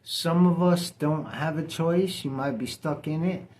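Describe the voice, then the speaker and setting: A man's voice: fairly high pitch, a little slow, darkish tone, a little hiss or hum. Plainspoken man, casual vlog. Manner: blunt, plainspoken, swears casually. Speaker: vlogger. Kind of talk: casual talk to camera.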